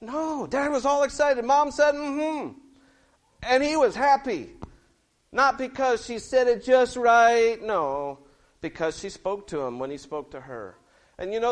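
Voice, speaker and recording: A middle-aged man giving a lively children's sermon, telling stories with big swings between loud and soft. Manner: lively, expressive storytelling with big swings in pitch and loudness. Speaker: preacher.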